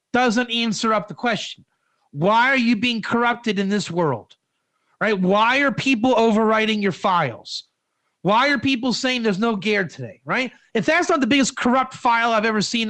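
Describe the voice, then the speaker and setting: A man with a high, bright voice gives an informal Torah class. He rambles from point to point and keeps throwing in rhetorical questions. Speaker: Torah teacher.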